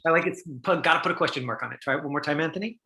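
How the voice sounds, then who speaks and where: A man's voice: a little high, very fast, sharp tone, a little hiss or hum, rough recording. A middle-aged man teaching an online acting class, chatty and full of fillers, acting out line readings for his students.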